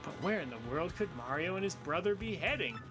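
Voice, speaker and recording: A man's voice: high-pitched, expressive, brisk. A man voicing a fretful, scolding old female turtle witch, with game music behind her.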